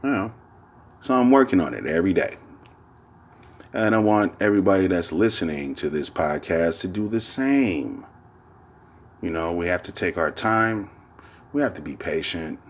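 A man with a low, animated voice hosts his own podcast, delivering a casual solo monologue at normal speed with long pauses. It's loose, rambling, and profane, full of slang, repeated filler phrases, and frequent laughter.

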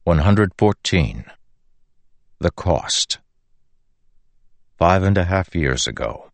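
A man reading an audiobook in a measured, even scripted narration. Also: low voice, no room sound.

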